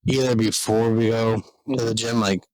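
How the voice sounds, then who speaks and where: A man hosting a podcast outdoors, chatting casually and planning things out loud with filler words. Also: fairly low pitch, steady tone, moderate pace, dry recording, rough recording. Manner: laid-back, plans aloud with filler words. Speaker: podcast host. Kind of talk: casual chat.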